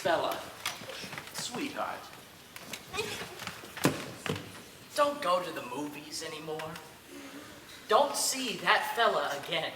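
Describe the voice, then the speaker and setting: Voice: medium pitch, lively intonation, natural voice. A stage actor in a school play playing a blustering, sarcastic tough-talking man who grills his sister. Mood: coaxing. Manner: fast, sarcastic interrogating, rising to shouts. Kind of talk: live stage acting. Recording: echoey stage from far off, faint noise.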